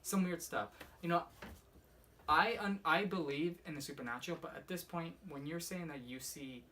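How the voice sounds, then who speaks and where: A young man casually rambling through a personal ghost story for his vlog, swearing often and filling every pause with "like". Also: fairly high pitch, sharp tone. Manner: rambling, profane, heavy use of "like". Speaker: vlogger. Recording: slightly distant mic with faint room noise.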